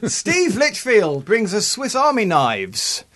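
A man co-hosting a casual podcast, reading listener tips and trading anecdotes. His pitch swings widely, lively and playful, sitting a little high. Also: takes it slowly. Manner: chatty, playful, breaks into put-on voices for anecdotes. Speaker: podcast co-host.

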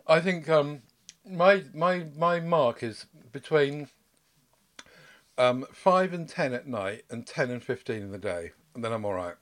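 A man hosts a podcast in a mid-pitched, everyday voice. He rambles cheerfully from topic to topic with a chatty, self-mocking manner. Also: lively intonation, measured pace. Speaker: podcast host. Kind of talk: casual chat.

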